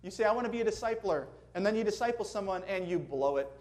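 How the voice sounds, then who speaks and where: A man's voice: sits high, lively intonation, fast talker, a little mellow. A man preaching a sermon in a conversational way, asking the congregation questions as he goes. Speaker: pastor.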